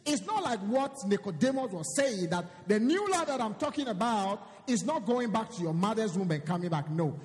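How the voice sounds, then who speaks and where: A man's voice: high-pitched, sing-song, normal speed, hardly any pauses, big-room sound, soft background music. A man preaching a sermon, reading scripture aloud and repeating lines for emphasis.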